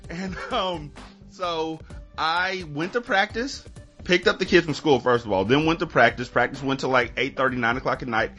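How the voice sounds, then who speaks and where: A man hosting a podcast, telling a story in casual chat, animated and swearing, laughing between lines. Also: a little high, normal speed, faint music behind. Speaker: podcast host.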